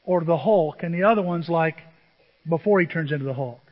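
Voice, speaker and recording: An older male pastor delivers a sermon in a high voice, swinging from hushed asides to loud, animated storytelling. The audio is dull and muffled, carried in a long, reverberant hall. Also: brisk. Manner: animated, self-deprecating storytelling with dramatic swings from soft to loud. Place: church sanctuary.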